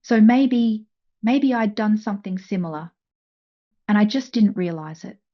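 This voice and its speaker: A woman narrating a first-person story in a soft, measured, emotional way. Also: mid-range voice, lively intonation, lo-fi sound.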